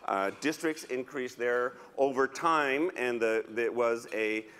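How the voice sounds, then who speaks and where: A man's voice: medium pitch, slow, fairly bright tone, clean tone. A man on a conference panel answering a question, explaining steadily with frequent uhs. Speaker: panelist, teachers' union leader. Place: conference hall. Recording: reverberant hall.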